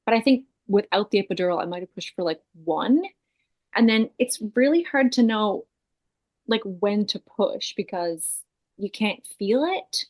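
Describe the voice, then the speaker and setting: A woman in her thirties, guesting on a podcast, tells a personal story in casual chat, animated and full of fillers with the occasional swear word. Her voice is mid-range and unhurried.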